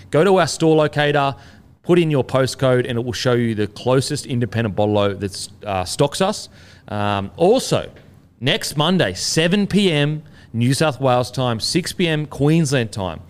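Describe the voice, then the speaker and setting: A man with an Australian accent hosting a podcast, reading an ad in an upbeat promoter's way and teasing his co-hosts in casual chat. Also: mid-range voice. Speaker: podcast host.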